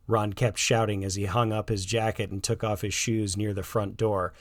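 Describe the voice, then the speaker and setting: A man narrating a scripted story in a calm, even manner. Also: on the low side, normal speed, dry recording, clean studio sound.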